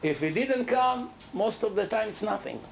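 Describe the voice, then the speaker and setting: A middle-aged rabbi giving a lively Torah lecture to a live audience, speaking emphatically and throwing questions at the listeners. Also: male voice, sits high, moderate pace, vocal fry, a little hiss or hum.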